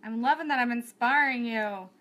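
Chatty cake decorating lady, fairly high voice, bubbly, kinda thinks out loud. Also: moderate pace. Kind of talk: livestream tutorial chat.

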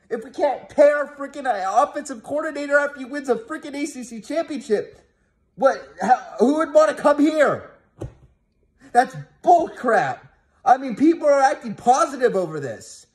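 A man's voice: extremely high pitch, animated, moderate pace. A man ranting angrily and profanely as a sports fan vlogger, talking heatedly to his viewers with frequent restarts. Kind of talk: angry fan rant to camera.

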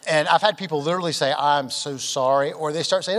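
A man pastor telling a humorous personal story in a sermon, animated and acting out quotes. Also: on the high side, quick pace, few pauses, long reverb tail. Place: large church auditorium.

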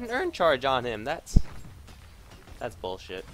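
A man's voice: mid-range voice, huge pitch swings, takes it slowly, heavy background noise. A man giving profane, frustrated running commentary on his own video game match, muttering and then bursting out. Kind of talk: live gameplay commentary.

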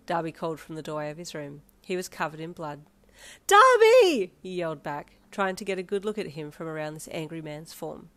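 A woman narrating a second-person fanfiction story with dramatic, expressive delivery. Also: lowish voice.

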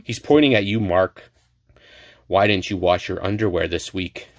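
A man's voice: low-pitched, normal speed, background noise. A man hosting a casual card-opening video at home, talking in theatrical, emphatic bursts. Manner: loud, theatrical outbursts in spurts. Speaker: card-opening channel host. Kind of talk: casual pack-opening banter. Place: home apartment.

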